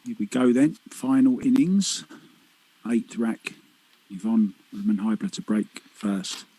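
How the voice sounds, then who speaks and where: A man commentates on pool with a husky, mellow voice. He is chatty and teasing, quick to joke with his co-host. The sound is close and dry. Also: on the low side, no echo, poor audio. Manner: chatty, teasing, laughs easily. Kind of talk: live sports commentary.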